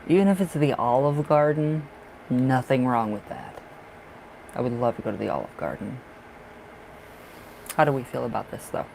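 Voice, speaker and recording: A man doing tarot readings on a live stream, chatting casually and warmly to viewers, calling them darling and love and laughing often. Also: medium pitch, lively intonation, normal speed, gravelly, pauses often, slight background noise, low-quality recording. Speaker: livestream tarot reader.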